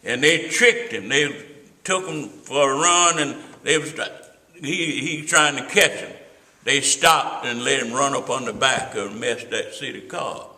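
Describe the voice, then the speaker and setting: A man's voice: mid-range voice, unhurried, sharp tone. An older man, telling rambling stories with asides to his listener in an oral history interview. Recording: roomy echo.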